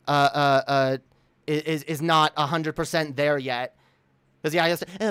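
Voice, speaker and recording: A woman's voice: low-pitched, normal speed, fairly bright tone, smooth, dry recording. A woman ranting in a commentary video, stammering and repeating words, swearing and indignant. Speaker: commentary streamer. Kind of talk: heated commentary rant.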